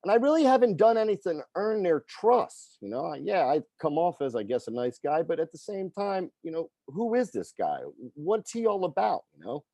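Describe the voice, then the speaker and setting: A man's voice: on the high side, sing-song, normal speed, few pauses, mellow, dry recording. A middle-aged man, a fitness coach, telling a personal story in a conversational way and often tagging sentences with "right?" and "okay?". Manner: conversational, frequent tag questions.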